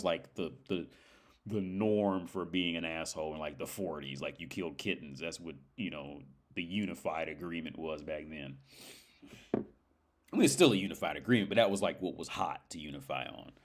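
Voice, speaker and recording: Low-voiced guy chatting on his stream, rambly and sweary, says um a lot. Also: animated, brisk. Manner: rambling, profane, many fillers. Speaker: livestream host. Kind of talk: casual livestream chat.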